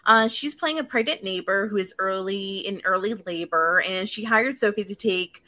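Woman podcast co-host, chatty recapper, bright voice. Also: medium pitch, moderate pace. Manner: chatty, animated storytelling with lots of "like". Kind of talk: casual chat.

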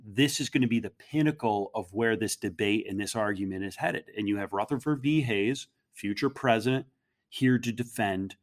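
Low-voiced thoughtful male co-host. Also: normal speed. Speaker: podcast co-host. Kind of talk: conversational history podcast.

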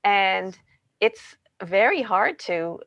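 A woman's voice: medium pitch, very animated, extremely slow, vocal fry, no room sound, dull audio. A woman, co-author of a parenting book, talking casually and often checking in with "right?" and "you know". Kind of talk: casual conversational explanation.

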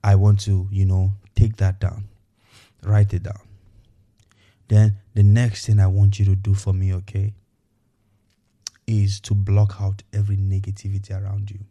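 Earnest low-voiced podcast host, dark tone. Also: male voice, completely flat delivery, unhurried, long pauses. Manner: earnest, repetitive, coaching tone with frequent "okay" and "you know". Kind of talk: motivational podcast monologue.

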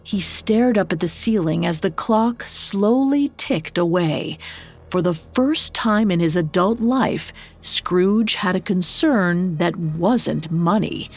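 Slow, measured woman narrator. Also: lowish voice, expressive, faint music behind. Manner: measured, unhurried storytelling. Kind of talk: scripted narration.

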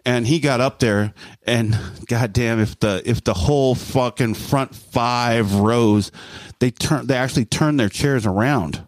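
A man telling a story in casual podcast chat, animated and profane, mimicking voices as he goes. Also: medium pitch, unhurried, dry recording. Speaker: guest storyteller.

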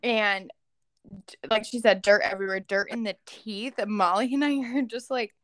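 A woman's voice: mid-range voice, steady tone, normal speed, a bit bright, no room sound. A young woman co-hosting a podcast, chatting and giggling as she recounts a family story. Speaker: podcast co-host. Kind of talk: casual chat.

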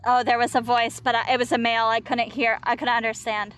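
Woman medium in a park at night, slow broken one-word replies, faint hiss behind. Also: fairly high pitch, flat delivery, fairly bright tone. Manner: halting, drawn-out single words. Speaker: ghost hunt medium. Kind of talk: relaying spirit box words.

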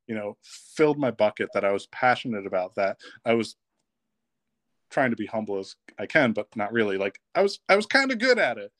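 A man, a guest on a podcast, tells a funny camp story in a lively, casual way and laughs as he goes. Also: fairly low pitch, brisk, no room sound. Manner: lively, laughs while telling stories.

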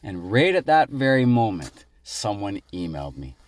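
A man from Canada calling in to tell a casual, animated story about his workplace. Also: fairly low pitch, moderate pace, no echo. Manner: animated, laughs while telling. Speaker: caller leaving a voice message.

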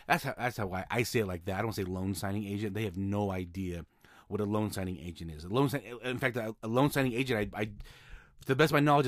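Speaking in a medium-pitched voice, a podcast host from Utah discusses his mobile notary work casually on his solo show, often restarting and repeating words. The recording is dry and studio quality.

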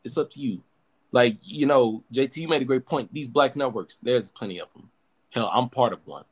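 A young man hosting a podcast in casual chat, talking in an animated, profane, emphatic way with many restarts. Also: medium pitch, moderate pace, slightly rough. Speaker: podcast host.

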